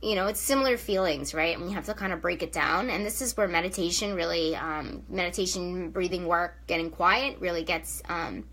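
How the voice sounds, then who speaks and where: A woman's voice: fairly low pitch, fairly quick, hardly any pauses, a bit bright, low-quality recording. A young woman, a spiritual coach, talking casually to viewers on a live stream, with many fillers and "right?" tags.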